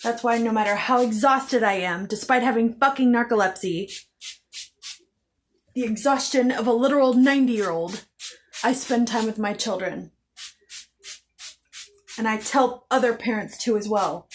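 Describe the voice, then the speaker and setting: Woman vlogger, fairly high voice, raw and heated personal storytelling with heavy swearing. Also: moderate pace, long pauses. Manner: intense, bitter, heavy swearing; repeats phrases for emphasis.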